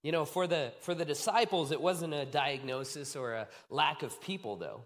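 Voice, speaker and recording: A man preaching a sermon, swinging from hushed, low moments to excited outbursts. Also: moderate pace. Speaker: pastor.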